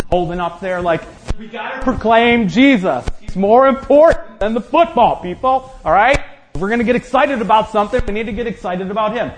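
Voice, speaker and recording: A man's voice: fairly high pitch, a little hiss or hum, low-quality recording. A man preaching a sermon as pastor, building up with rhetorical questions and acting out quotes.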